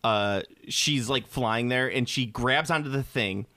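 A man talks loosely in casual chat, rambling and opinionated, and keeps restarting his sentences as he goes. His voice sits at an ordinary middle pitch. The recording is dry and close, with no room sound. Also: a little slow, pushed and bright, no room sound.

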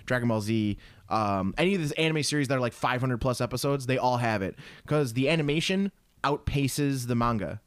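A man's voice: medium pitch, lively intonation, fairly quick, no echo. A young man co-hosting a podcast in casual chat, rambling with lots of fillers and swearing. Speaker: podcast co-host.

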